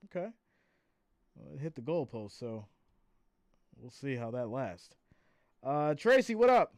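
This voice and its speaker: A man's voice: mid-range voice, darkish tone, no echo, studio quality. Chatty man calling a game live. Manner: reads viewer comments aloud, chatty, laughs often. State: tired. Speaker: live stream host doing play-by-play. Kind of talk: casual live play-by-play and chat reading.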